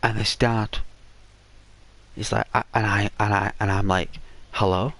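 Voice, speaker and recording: A man telling a gaming story in rambling, unhurried commentary with many restarts. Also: lowish voice, flat delivery, a bit bright.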